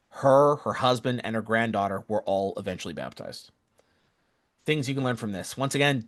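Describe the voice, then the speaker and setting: A man's voice: medium pitch, a bit bright. A man telling a missionary story with an earnest, casual manner, often correcting himself mid-sentence. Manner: earnest, self-correcting, acts out quoted voices.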